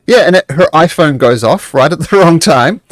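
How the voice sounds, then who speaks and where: A man narrating as game master of a streamed tabletop game, relaxed and halting. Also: a little high, dry recording, clean studio sound. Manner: relaxed, halting, many restarts.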